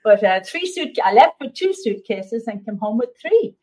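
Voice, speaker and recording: A woman's voice: fairly high pitch, very animated, moderate pace, mellow, rough recording. Chatty Irish woman telling her story. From Ireland. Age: middle-aged. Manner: chatty storyteller, many fillers and restarts. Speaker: guest therapist. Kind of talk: casual interview chat.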